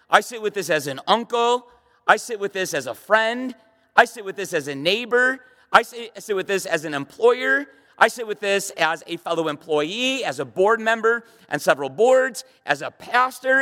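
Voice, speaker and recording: A middle-aged male pastor with a high voice preaches with emphasis, doubling up words as he goes and firing questions at his listeners. His voice rings out through a church hall with a long reverb tail. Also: bright, forceful tone. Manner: emphatic, repeats words, rhetorical questions to the audience. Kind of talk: sermon. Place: church hall with a live audience.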